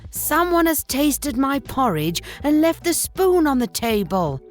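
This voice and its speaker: Woman doing a measured mother bear. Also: high-pitched, soft background music, pitched above the performer's own voice. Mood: indignant. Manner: even middle-voiced delivery.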